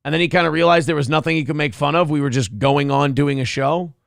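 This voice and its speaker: A man hosting a casual livestream, reading super chats in a profane, rowdy way with sudden loud outbursts, a little drunk. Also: fairly high pitch, quick pace, vocal fry, dry recording, clean studio sound. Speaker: livestream host.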